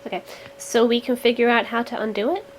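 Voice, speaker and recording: A woman's voice: fairly high pitch, fast talker, a little hiss or hum, low-quality recording. A woman playing a tabletop game, thinking aloud in a tentative way. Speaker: player. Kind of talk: casual tabletop play.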